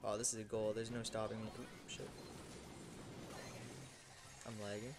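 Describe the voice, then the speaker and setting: A young man giving loose, excitable commentary over his own gameplay, swearing and shouting at wins and losses. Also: on the low side, rapid-fire, noisy background. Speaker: gaming YouTuber.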